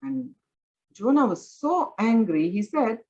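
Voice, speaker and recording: A woman leads a Bible study, talking earnestly and conversationally, with many filler words along the way. Her pitch moves a great deal and her voice has a slightly husky edge. The recording sounds dull and lo-fi. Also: lively intonation, slow, darkish tone.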